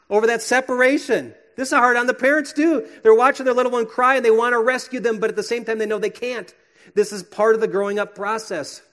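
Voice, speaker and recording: A man delivers a sermon in an earnest preaching manner. His voice sits a little high for a man. He moves between soft, hushed passages and emphatic stretches. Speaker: pastor.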